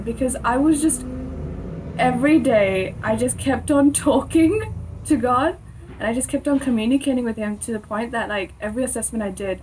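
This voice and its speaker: A woman's voice: fairly high pitch, brisk, darkish tone, a little hiss or hum, low-quality recording. A young Australian woman co-hosting a faith podcast, telling a personal story in a chatty, laughing way. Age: young adult. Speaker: podcast co-host. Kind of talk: casual faith chat.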